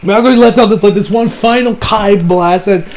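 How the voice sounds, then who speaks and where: A man giving a casual anime episode recap, excitable, swearing freely and laughing often. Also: high-pitched, moderate pace, slight background noise, poor audio. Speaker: anime reviewer.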